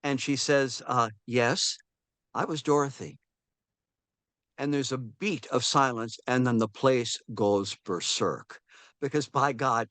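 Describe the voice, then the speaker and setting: A man's voice: medium pitch, no echo. A man in his seventies, a film historian giving an interview, telling stories animatedly, with frequent restarts and fillers. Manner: animated storyteller who acts out quoted voices. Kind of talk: casual interview storytelling.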